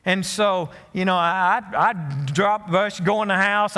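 A pastor preaching to his church in a folksy, storytelling way. He often restarts his sentences and turns to the congregation with asides. His man's voice sits a little high and carries a long church reverb. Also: fairly even intonation, moderate pace, few pauses, bright, forceful tone. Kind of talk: sermon. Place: church sanctuary.

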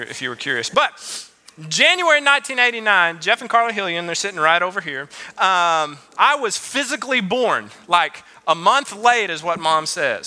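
A man's voice: high-pitched, bright, forceful tone. A man in his late twenties preaching a youth sermon in a joking, conversational way with playful asides. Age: late 20s. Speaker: youth pastor.

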